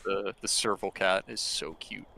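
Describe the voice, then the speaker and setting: Bright-voiced man in easygoing gaming chat. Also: low-pitched, a little slow, vocal fry, dry recording, rough recording. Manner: rambling and easygoing, with many fillers. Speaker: gaming streamer. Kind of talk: casual chat while gaming.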